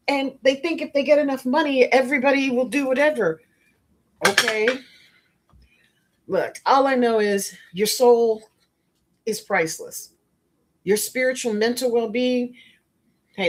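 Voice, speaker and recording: A woman with a high voice speaks at a moderate pace and pauses often. She's a spiritual life coach hosting a motivational podcast, talking to listeners directly in an emphatic, blunt way with frank asides.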